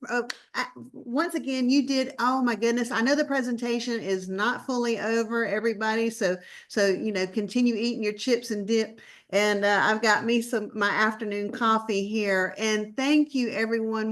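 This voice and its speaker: A woman's voice: fairly high pitch, a bit bright. A woman in her fifties with a North Carolina Southern accent, speaking as a guest in a bubbly, chatty way. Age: 50s. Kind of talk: casual online presentation.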